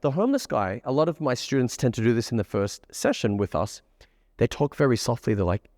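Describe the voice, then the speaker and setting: A man with an Australian accent giving a lively presentation as a dating coach, acting out example voices. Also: medium pitch, a little fast, long reverb tail. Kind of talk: presentation to a group.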